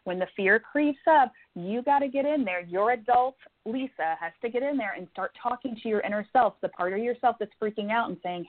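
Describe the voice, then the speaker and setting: A woman's voice: mid-range voice, expressive, brisk. A woman giving a psychic reading to a caller, reassuring and affectionate, calling her honey and sweetheart. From northern United States. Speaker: psychic medium guest. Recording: tinny phone-line sound.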